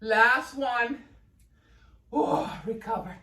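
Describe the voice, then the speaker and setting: A woman fitness instructor coaches a workout class, cueing moves and counting down reps while sounding upbeat and a little out of breath. Her voice sits on the high side and comes across pushed and bright, yet she speaks extremely slowly. The recording is echoey, and she sounds far from the mic.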